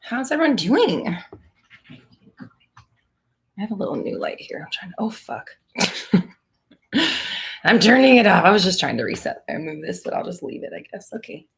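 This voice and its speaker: A woman's voice: medium pitch, very animated, moderate pace, vocal fry, pauses often. A woman coaching on a live stream, chatty and blunt, swearing freely and laughing between comments. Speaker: manifestation coach hosting a live Q&A. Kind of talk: casual live-stream chat.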